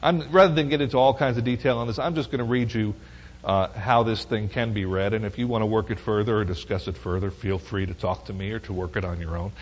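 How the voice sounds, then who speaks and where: A quick-paced, lowish male voice with a steady tone belongs to a middle-aged man teaching a Bible study. He keeps it conversational, frequently posing rhetorical questions to make sure listeners are following along. The sound is muffled and lo-fi, with long hall reverb.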